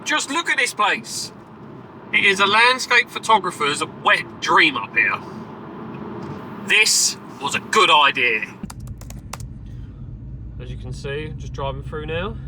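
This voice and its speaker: A man chatting casually and excitedly to camera as a travel vlogger, driving and walking about. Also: on the high side, takes it slowly, pauses often, noisy background. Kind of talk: casual travel vlog chat. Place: in a car and outdoors.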